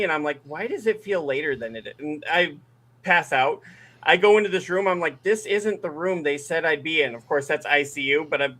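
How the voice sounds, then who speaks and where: A married man co-hosting a casual podcast, telling a story with a slightly raised, very bright voice. He acts out everyone he quotes and laughs along. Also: fairly high pitch. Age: adult, married. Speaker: podcast co-host.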